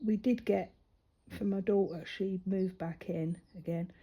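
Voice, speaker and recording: A woman's voice: mid-range voice, fairly even intonation, measured pace, warm tone, a little hiss or hum. A woman, a mother with a grown daughter, chatting casually and rambling through a personal story while she colours, her voice often dropping to a near-whisper. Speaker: crafting vlogger.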